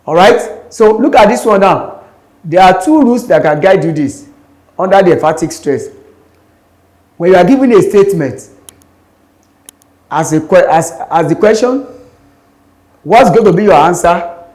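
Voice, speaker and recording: A male tutor with a Nigerian English accent walks students through exam questions in a classroom. His voice sits a little high for a man, and he repeats each rule so it sticks. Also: lively intonation, moderate pace, long pauses, a little mellow. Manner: explains step by step, repeats key points. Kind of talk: classroom lesson.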